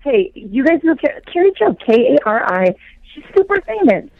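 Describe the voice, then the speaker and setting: A woman's voice: high voice, very animated, normal speed, narrow, tinny audio, over a noisy crowd. A middle-aged woman, a comedian, telling rambling self-deprecating stories about her kids as a regular correspondent. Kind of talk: comic storytelling on a call-in segment.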